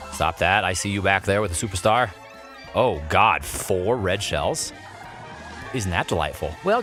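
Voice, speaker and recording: A man streaming a kart racing game live, commenting playfully and excitably while chatting with his viewers. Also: lowish voice.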